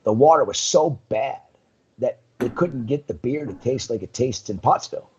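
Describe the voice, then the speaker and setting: A man's voice: medium pitch, animated, normal speed, a little mellow, slight background noise. A man guest on a live talk show, chatting loosely and telling stories with plenty of fillers, heard over a video call. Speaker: guest, coral business owner. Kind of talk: casual chat. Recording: muffled lo-fi audio.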